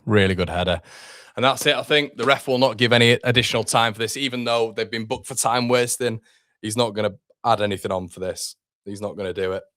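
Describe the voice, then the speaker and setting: A man's voice: lowish voice, a bit bright, no echo, clean studio sound. A young man hosting a live fan watchalong, reacting with frustration and swearing as he talks to his chat.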